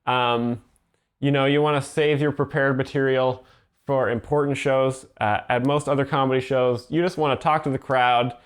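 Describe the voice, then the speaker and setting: A young man explains comedy bits in a flat, mock-serious commentary, delivering absurd statements as if they were sensible advice. His voice is smooth and clean, sitting at an ordinary male pitch. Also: normal speed. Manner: deadpan, mock-earnest, sarcastic. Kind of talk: deadpan ironic commentary.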